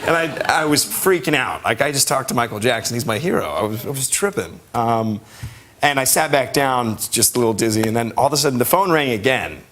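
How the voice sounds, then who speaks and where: A man guest on a talk show, telling an anecdote in an animated way with fillers and laughter. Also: medium pitch, a little fast.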